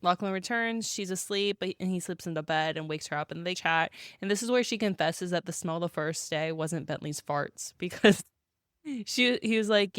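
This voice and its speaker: A woman co-hosting a book podcast, recapping plot points in a relaxed, conversational way and laughing often. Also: lowish voice, normal speed, clear, resonant tone, dry recording, clean studio sound. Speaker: podcast co-host. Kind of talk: casual book discussion.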